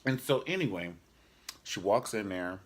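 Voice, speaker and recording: A man's voice: on the low side, animated, unhurried. A man casually reviewing a TV drama episode in a sassy, joking vlog style. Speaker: TV show reviewer.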